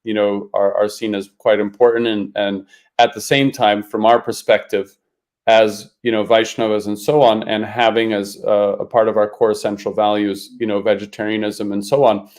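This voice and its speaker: A man's voice: on the low side, flat delivery, moderate pace, darkish tone. A man co-hosting a podcast, thinking aloud in a reflective, hedging way. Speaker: podcast co-host. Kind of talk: casual chat.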